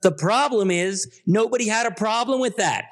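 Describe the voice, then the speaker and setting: Fired-up guy on a podcast, kinda high voice, hammers every point hard. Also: animated, normal speed. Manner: emphatic, insistent, rising to sharp peaks. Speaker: podcast guest. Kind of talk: passionate interview talk.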